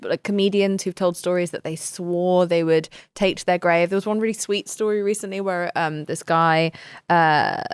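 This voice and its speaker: A woman's voice: normal speed, smooth, dry recording, studio quality. A woman, a podcast guest telling funny stories in casual chat. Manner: animated storyteller, breaks into high laughs.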